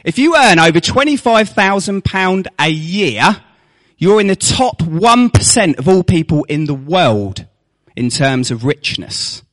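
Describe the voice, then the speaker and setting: A man's voice: high voice, very animated, measured pace, fairly bright tone. A man preaching a sermon to his congregation, with rhetorical questions and mocking asides.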